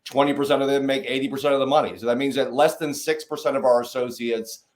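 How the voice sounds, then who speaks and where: A man's voice: medium pitch, fairly even intonation, fast talker. A man hosting a casual interview, upbeat and enthusiastic in his delivery. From Atlanta, Georgia. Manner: upbeat, hype-style talker. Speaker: interview host.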